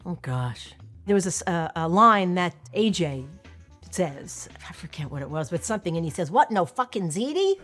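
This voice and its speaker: Woman from long island, low voice, candid and self-deprecating, relaxed interview chat, faint music underneath. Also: normal speed. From Long Island, New York. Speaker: actress interviewee. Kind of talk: casual interview reflection.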